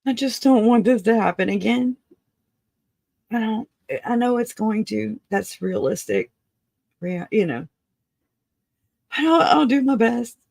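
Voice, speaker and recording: A woman giving an emotional personal account of a family loss, halting and restarting, earnest and raw, with casual swearing. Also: on the high side, expressive, creaky, a little mellow, dry recording, clean studio sound. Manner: halting, full of restarts and self-corrections. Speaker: grieving relative.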